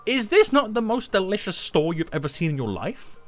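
A man giving loud, jokey commentary while playing a video game, breaking into sudden shouts. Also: high-pitched, big pitch swings, a little fast, soft background music. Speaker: gaming YouTuber. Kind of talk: energetic gameplay commentary.

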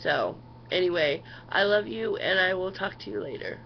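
A woman's voice: lowish voice, animated, moderate pace, vocal fry, muffled recording, a little hiss or hum. A woman in her thirties records a heated video response at home, swearing often and leaning on "you know" and "um". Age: 30s. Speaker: vlogger. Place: at home, sitting.

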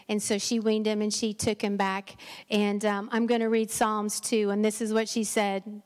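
A woman's voice: mid-range voice, flat delivery, normal speed, a little mellow. A middle-aged woman giving an encouraging Mother's Day sermon from a church stage, often stumbling and restarting her sentences. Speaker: pastor's wife preaching. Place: church sanctuary. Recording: long church hall reverb.

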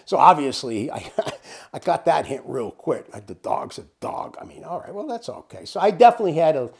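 Storyteller, male, husky voice, very animated, salty language, casual yarn-spinning. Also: a little fast. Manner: animated, swears freely, wide swings in pitch. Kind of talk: casual anecdote telling.

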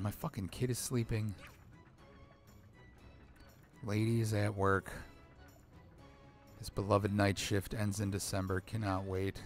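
A man's voice: on the low side, level tone, measured pace, faint music behind. A man who is a gaming dad, giving profane, grumbling let's play commentary on a video game. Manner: swears a lot, grumbles at the game. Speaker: gamer dad.

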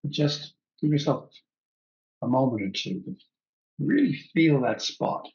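A man teaching a breathwork class, calmly guiding the breath and repeating key phrases. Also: mid-range voice, a little slow, lo-fi sound.

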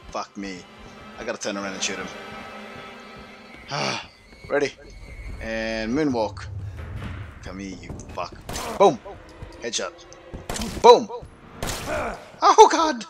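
A man's voice: medium pitch, sing-song, takes it slowly, long pauses, over music. A man playing a horror game and commenting live, swearing constantly and yelping in panic. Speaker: let's play gamer.

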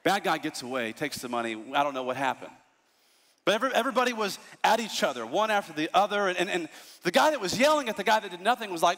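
A pastor in his thirties preaching a sermon, telling stories with lively asides. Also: high voice, fast talker. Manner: animated storytelling, lively asides. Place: large church hall. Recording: long hall reverb.

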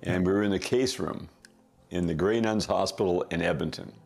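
A middle-aged man casually telling a family story as a podcast guest, chuckling often and throwing in quick asides. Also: deep voice, steady tone, gravelly, darkish tone, faint music behind.

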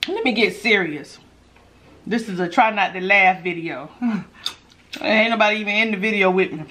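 A woman's voice: mid-range voice, normal speed, bright, forceful tone. A woman hosting a mukbang eating show, chatting casually to her viewers between bites and laughing often. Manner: chatty, giggly, talks to viewers while eating. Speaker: mukbang host.

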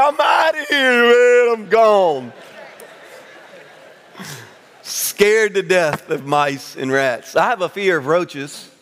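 A pastor delivers his sermon in a slightly high male voice, spinning comic stories about himself with animated energy. His words ring out through a large sanctuary with a long, lingering reverb. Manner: animated storytelling with self-mocking humor.

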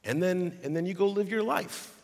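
A man preaching a sermon as pastor, reading scripture aloud in an animated way. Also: high voice, moderate pace. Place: church sanctuary. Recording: long hall reverb.

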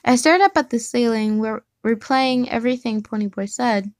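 A woman's voice: a little high, normal speed, dry recording. A woman casually reading fan fiction aloud, giggling and stopping to correct herself. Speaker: reader.

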